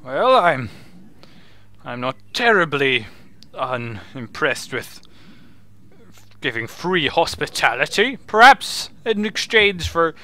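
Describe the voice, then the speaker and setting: A man's voice: fairly high pitch, sing-song, slow, pauses often, sharp tone, pitched above the performer's own voice, full character voice. A man voicing a male wizard who commands zombies, speaking formally and overly politely with hesitant phrasing. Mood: genteel.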